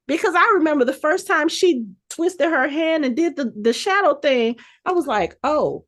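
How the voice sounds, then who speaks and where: A woman podcast host casually recapping a TV episode, telling the story with animated energy and acting out the characters' lines. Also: fairly high pitch. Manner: animated storytelling, acts out quotes.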